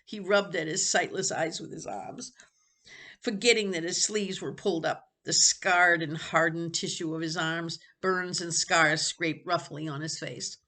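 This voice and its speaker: A woman reading a novel aloud to students, pausing to savor phrases and chat about them. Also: on the low side. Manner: expressive, stops to savor phrases. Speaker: reader for students.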